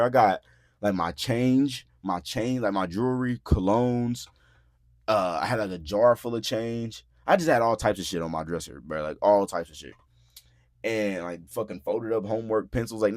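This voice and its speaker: Animated young man telling a wild story. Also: on the low side, dry recording, clean studio sound. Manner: animated, profane, acts out quotes loudly; frequent filler words like "bro" and "like". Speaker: podcast host. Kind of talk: casual storytelling. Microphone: podcast mic.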